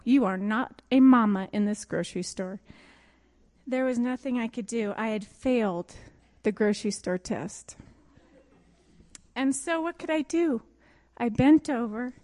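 A pastor's wife telling a funny story in a sermon, laughing often as she speaks. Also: high voice. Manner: lively and expressive, quick to giggle. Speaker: pastor's wife giving a talk.

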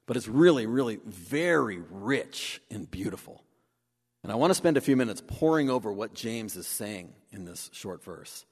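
A man preaching a sermon, animated, acting out the voices he quotes. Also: on the low side, normal speed, husky. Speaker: pastor. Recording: long hall reverb.

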